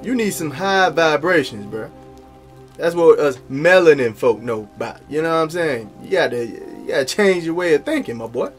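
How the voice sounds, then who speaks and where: A young man gives casual gameplay commentary, joking and slangy as he talks back at the characters. His voice is a little high and swings widely in pitch, with faint game music behind him. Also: animated, moderate pace. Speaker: gaming YouTuber.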